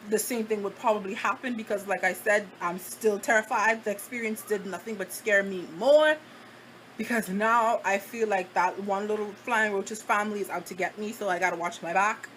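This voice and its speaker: A woman's voice: mid-range voice, moderate pace, fairly bright tone, slight background noise, poor audio. A woman vlogger telling a personal story in a dramatic, chatty way, full of "like" fillers. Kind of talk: casual storytime.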